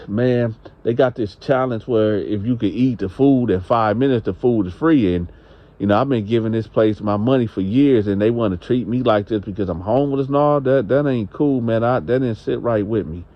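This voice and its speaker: A man's voice: mid-range voice, normal speed, dry recording, dull audio, natural voice. A man voicing an aggrieved homeless man who protests being wronged. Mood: indignant. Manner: indignant, protesting.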